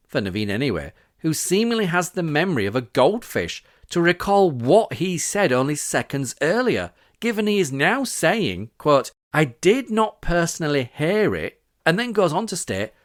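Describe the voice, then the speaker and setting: A man's voice: a little high, dry recording, clean studio sound. A man from Britain hosting a scripted podcast, reading out witness quotes with sarcastic, indignant asides. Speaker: podcast host.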